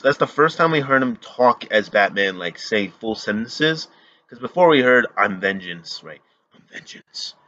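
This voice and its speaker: A man hosting a casual reaction video, talking excitedly and rambling with lots of fillers and restarts. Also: medium pitch, no echo, dull audio.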